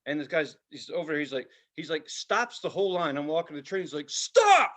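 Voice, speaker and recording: A man co-hosting a podcast in casual chat, telling profane, animated stories and mimicking voices. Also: a little high, fast talker. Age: adult with a child. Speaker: podcast co-host.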